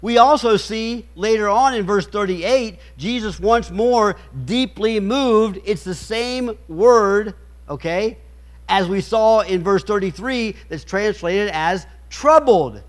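Male preacher, high voice, emphatic, stumbling reader. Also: slow. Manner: emphatic, rhetorical questions; stumbles and restarts while reading aloud. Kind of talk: sermon with scripture reading.

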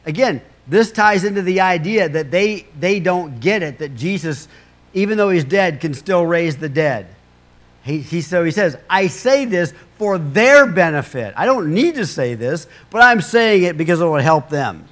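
A man's voice: a little high, expressive, moderate pace. A man preaching a sermon in a conversational way, with humorous asides, restarts and repeated words. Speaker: pastor.

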